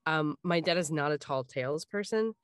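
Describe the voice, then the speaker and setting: A woman's voice: low-pitched, lively intonation, normal speed, smooth, no room sound, clean studio sound. A woman from the Richmond area talking casually as a podcast co-host, rambling with lots of fillers and restarts. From Richmond area, Virginia. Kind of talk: casual chat.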